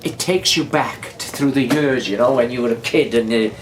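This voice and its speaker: A man's voice: mid-range voice, normal speed, background noise. A Welsh man hosting a casual beer review vlog, chatty and rambling, repeating himself and drifting into anecdotes. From Wales.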